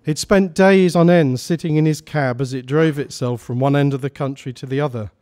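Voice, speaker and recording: Man giving a measured story reading. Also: fairly high pitch, darkish tone. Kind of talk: story reading at a live salon.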